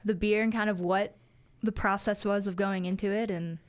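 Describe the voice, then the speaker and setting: A woman's voice: mid-range voice, steady tone, moderate pace. A young woman, a reporter on a college radio show, chatting casually in the studio with many fillers.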